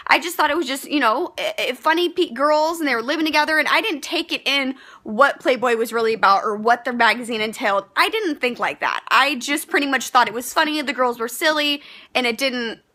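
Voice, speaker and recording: A pregnant young woman vlogs a casual rant to camera in a high-pitched, bright, forceful voice. She speaks frankly, heated and profane, with plenty of fillers and restarts.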